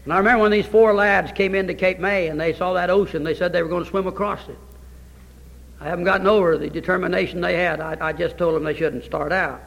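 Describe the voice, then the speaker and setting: A male pastor preaching a sermon, telling stories in a folksy, animated way. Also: sits high, fast, vocal fry. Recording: reverberant church hall.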